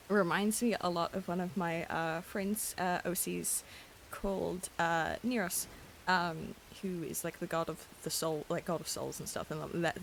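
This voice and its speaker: Woman streamer, creaky gravelly voice, quiet late-night casual chat, faint hiss. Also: lowish voice. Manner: chatty, giggly, gushing over cute things. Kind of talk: casual live-stream chat while gaming.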